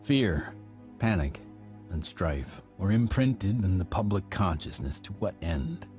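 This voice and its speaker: A man giving a grave, measured scripted narration for a documentary. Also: deep voice, sing-song, darkish tone. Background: music.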